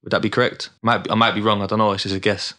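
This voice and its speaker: London guy, bright sharp voice, chatting loose on a podcast, lots of slang. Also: on the low side, racing. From West London. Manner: animated storytelling, London slang. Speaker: guest rapper. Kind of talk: casual chat.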